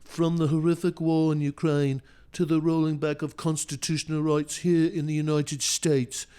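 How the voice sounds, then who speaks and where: A man's voice: on the high side, little pitch movement, moderate pace, warm tone, clear, resonant tone, lightly acted. A man voicing a pompous young British prince with a British accent, giving a stiff formal speech. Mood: solemn.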